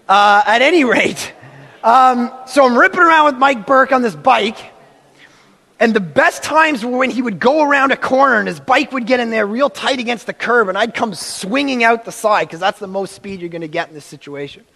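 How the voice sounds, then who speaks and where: A man preaching a sermon with a high voice. He tells a story in an animated way and acts out the quotes. His voice rings with the long reverb of a large hall. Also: normal speed.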